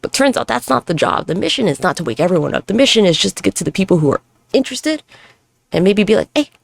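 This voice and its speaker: A woman in her thirties talks alone on her podcast, her voice heavily gravelly with vocal fry. The sound is dry and close. She rambles, swears freely, and hops from one thought to the next as she moves around the room. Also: mid-range voice, big pitch swings, quick pace, no echo. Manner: rambling, profane, self-reflective, jumps between topics; moving around while talking. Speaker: podcast host. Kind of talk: solo podcast monologue. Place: at home with neighbors nearby.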